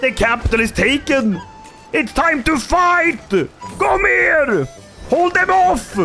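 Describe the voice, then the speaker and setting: A man giving energetic, jokey commentary on his strategy game playthrough, sometimes putting on voices for the characters. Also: very high-pitched, slow pace, creaky, soft background music. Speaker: gaming YouTuber.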